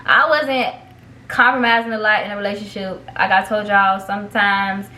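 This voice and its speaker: Young female vlogger, twenties, chatty storytime delivery that acts out quotes, mid-pitched voice, roomy recording. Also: normal speed, a little hiss or hum. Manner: animated, acts out quotes, addresses viewers as "y'all". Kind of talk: casual storytime chat.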